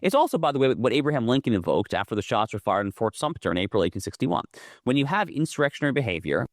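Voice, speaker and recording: A man speaks as a guest in a political interview, pressing his case with emphatic, fluent argument. His voice sits a little low, and the sound is dry and close with no room around it. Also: dry recording. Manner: emphatic, fluent argument with frequent self-repeats. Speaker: guest, lawyer and commentator.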